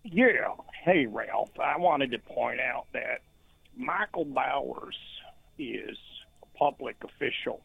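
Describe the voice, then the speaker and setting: A man's voice: medium pitch, expressive, takes it slowly, dry recording, heavily acted. A man calling a radio show in a put-on drawling accent, pressing accusations against officials. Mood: accusing. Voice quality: gravelly, husky put-on accent. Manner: accusing, insistent, talks over the host. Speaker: caller. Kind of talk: call-in radio complaint. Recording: tinny phone line.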